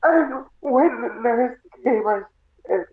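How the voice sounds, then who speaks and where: A Jamaican woman, a grieving mother, telling her story in a halting, tearful way and repeating her words. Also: a little high, expressive. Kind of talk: emotional personal testimony. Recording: tinny phone-like sound.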